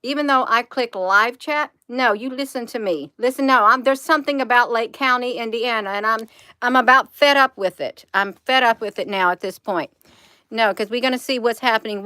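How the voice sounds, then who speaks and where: A woman's voice: fairly high pitch, sharp tone, no echo. A woman, rambling emphatically to her viewers in a casual livestream. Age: 50s. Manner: rambling, emphatic, addresses viewers as "you all". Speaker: channel host.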